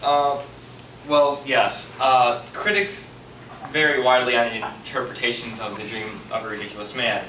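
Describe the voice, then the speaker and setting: Man playing a hesitant professor, halting speech, stage play, echoey distant hall, noise. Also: medium pitch, natural voice. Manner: halting, flustered. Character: nervous, hesitant male literature professor. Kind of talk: amateur stage acting.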